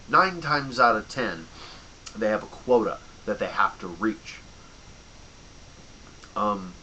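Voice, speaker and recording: A man's voice: medium pitch, pushed and bright, a little hiss or hum, rough recording. Sarcastic man in a swearing rant. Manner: heated, sarcastic, swearing freely, mocking customers. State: drinking and worked up. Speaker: vlogger and bookstore clerk. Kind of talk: angry profane rant to camera.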